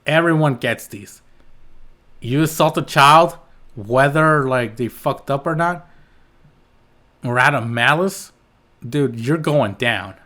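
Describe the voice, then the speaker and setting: A man of middling pitch rants alone on his podcast, heated and blunt. He rambles, restarts his sentences and swears freely as he pushes his point. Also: slow, pauses often, bright, forceful tone. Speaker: podcast host. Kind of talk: solo podcast rant.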